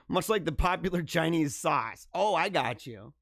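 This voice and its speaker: Dude with a high voice hosting a livestream, jokey and rambling, dry mic. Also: male voice, animated, measured pace, vocal fry, fairly bright tone, no room sound. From United States. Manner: rambling, joking, chuckles often. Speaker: livestream host. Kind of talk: casual commentary reading news.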